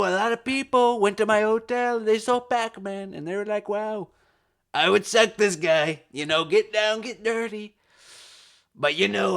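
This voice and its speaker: A blustering, self-praising politician, as a young man puts him on in a comedic impression. He rambles and repeats himself, pitched a little higher and pushed louder than a normal speaking voice. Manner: boastful, repetitive, rambling.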